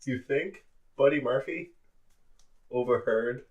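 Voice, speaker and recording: A man's voice: mid-range voice, unhurried, dull audio. A man co-hosting a podcast in casual chat, giggly and tossing in jokey asides. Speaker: podcast co-host. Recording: echoey room.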